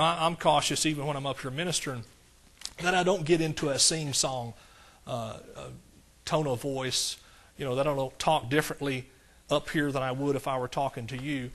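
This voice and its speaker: A middle-aged man with an East Texas accent preaching a conversational sermon in a church, folksy and plain-spoken, calling for amens and rising higher and louder on the points he stresses. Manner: folksy, calls for amens, rises high and loud on emphatic points. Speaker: pastor.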